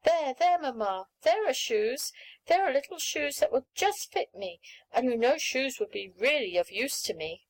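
A woman voicing an eager little girl of about seven who pleads for pretty things, speaking high and excited. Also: moderate pace, slight background noise, low-quality recording.

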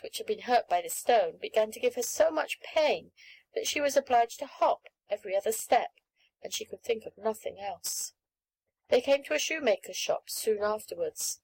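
A woman reading a children's story aloud in a clear, measured storytelling manner. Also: on the high side, expressive, darkish tone, poor audio. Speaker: audiobook reader. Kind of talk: scripted narration of a children's story.

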